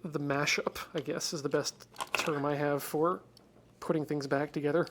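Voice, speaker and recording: A man's voice: on the high side, level tone, moderate pace, background noise. A man hosting a stream, chatting casually and jokingly as he works through a hardware repair. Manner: rambling, joking, drops to mutters while concentrating. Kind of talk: casual chat while working.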